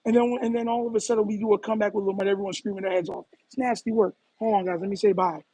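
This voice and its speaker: A young man chatting on a live stream, animated and repetitive, calling people "bro" as he talks to his chat while running errands. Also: sits high, rapid-fire, slightly rough, no room sound, rough recording. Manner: animated, repeats himself, says "bro" a lot.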